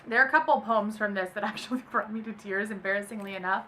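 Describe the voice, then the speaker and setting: A woman's voice: mid-range voice, fast, bright, forceful tone, slight background noise. A young woman hosting a casual book vlog, reading poems aloud and often breaking into laughter. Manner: giggly, easily amused, breaks into laughter. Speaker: booktuber host.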